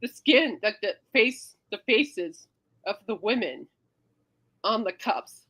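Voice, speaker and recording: A woman hosting a casual podcast, rambling through an animated story with many fillers and dramatic re-enactments of her own reactions. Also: mid-range voice, slow. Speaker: podcast host. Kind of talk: casual rambling livestream chat.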